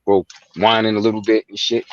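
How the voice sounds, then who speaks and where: This guest, son of the film's real-life subject, joins a casual livestream by phone and spins loose stories full of slang, voicing the people he quotes. His fairly low voice is brisk and flat in delivery. The sound is lo-fi with a little background noise.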